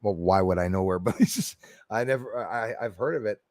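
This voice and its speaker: In clean studio sound with no echo, a man talks fairly quickly in a darkish, fairly low voice. Hosting a relaxed livestream, he reads the chat aloud, laughing and teasing himself in a chatty way.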